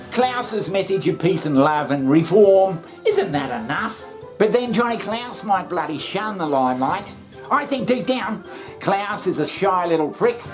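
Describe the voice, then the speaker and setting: A woman hosting a satirical comedy show, sarcastic and full of swearing, often laughing. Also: mid-range voice.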